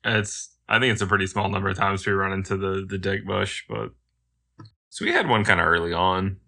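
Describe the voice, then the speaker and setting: A man's voice: low-pitched, steady tone, a little fast, vocal fry, bright, forceful tone. A man casually and sarcastically commenting while playing a video game with a friend. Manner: dry, sarcastic, crude jokes. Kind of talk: casual let's-play banter.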